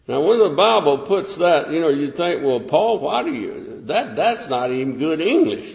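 A man's voice: a little high, big pitch swings, vocal fry. Older male preacher in an echoey hall. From United States. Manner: measured, conversational preaching with emphatic rises. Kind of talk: sermon. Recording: echoey hall, dull sound.

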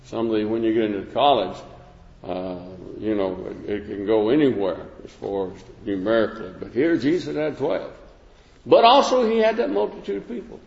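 A man's voice: on the low side, moderate pace, creaky, a little mellow. A man teaching a plain-spoken Bible lesson, folksy and full of restarts. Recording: echoey hall, dull lo-fi sound.

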